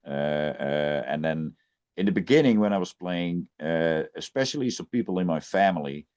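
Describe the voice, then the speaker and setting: A man's voice: low-pitched, expressive, moderate pace, a little mellow, clear, resonant tone, highs cut off. A man who plays in a death metal band, ranting bluntly and with plenty of swearing in a casual podcast chat.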